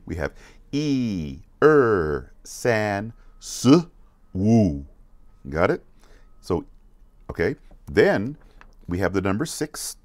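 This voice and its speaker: A man teaching children a counting song, going slowly and repeating each word so they can follow. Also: lowish voice, no room sound. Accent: American. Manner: repeats words slowly, asks questions to check along. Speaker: music teacher. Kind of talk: slow, patient lesson for kids.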